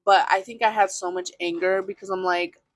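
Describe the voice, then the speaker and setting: A woman's voice: medium pitch, steady tone, a little fast, dry recording. A woman podcast host telling a personal story in a candid, casual way, full of fillers and the odd swear word.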